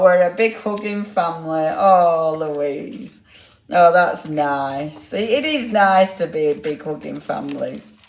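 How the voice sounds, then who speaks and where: A middle-aged woman hosting a live craft demonstration, chatting casually to viewers' comments as she works. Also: low voice. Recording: echoey room with faint noise.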